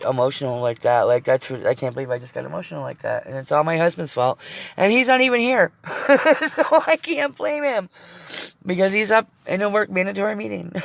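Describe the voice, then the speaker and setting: With a fairly low, gravelly voice, a middle-aged woman chats live from her van as a vlogger. The casual stream finds her rambling, emotional, teary at moments, and swearing on occasion, with no echo in the recording.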